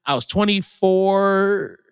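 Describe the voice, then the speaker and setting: Male producer guest, high and lively storyteller, bright tone, dry close recording. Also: takes it slowly, vocal fry, clean tone, no echo, long reverb tail. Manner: animated, leaps high when quoting people. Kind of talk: casual storytelling chat.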